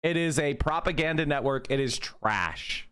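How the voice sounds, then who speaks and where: A man reacting to a news clip with angry commentary, profane and yelling insults at what he is watching. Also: on the high side, normal speed, a little hiss or hum. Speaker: online reaction host.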